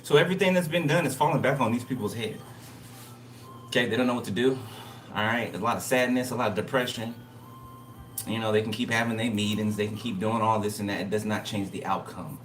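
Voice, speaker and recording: Low-voiced guy doing a card reading, blunt and cussing, echoey room, sitting back from the mic. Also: a little fast, a bit bright, recorded from a distance, a little hiss or hum. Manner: blunt, repetitive, profane. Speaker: tarot reader. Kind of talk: casual spiritual reading monologue.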